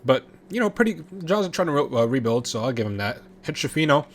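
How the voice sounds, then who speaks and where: A man's voice: medium pitch, fast, slight background noise. Fired-up man ranting about trades. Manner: excitable, profane, rambling with frequent restarts. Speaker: sports reaction vlogger. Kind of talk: casual reaction commentary.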